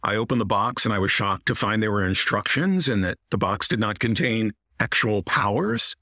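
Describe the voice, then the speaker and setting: A man's voice: fairly low pitch, lively intonation, moderate pace, sharp tone, dry recording, studio quality. A middle-aged American man, a magician and comedian, chatting as a guest with a rich voice whose sentences turn down at the end. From United States. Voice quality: rich podcasting voice. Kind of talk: casual interview chat.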